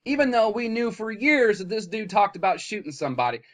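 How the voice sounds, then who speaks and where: A man with a slightly high voice delivers an impassioned rant straight to his own camera. He swings from loud, heated outbursts down to low, weary muttering, profanity and all. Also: big pitch swings, a little fast. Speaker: vlogger.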